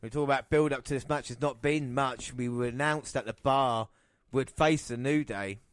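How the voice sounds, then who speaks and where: A man's voice: medium pitch, normal speed, no echo, clean studio sound. A man hosting a podcast, chatting casually and calling match action play by play. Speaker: podcast host. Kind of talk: casual wrestling podcast commentary.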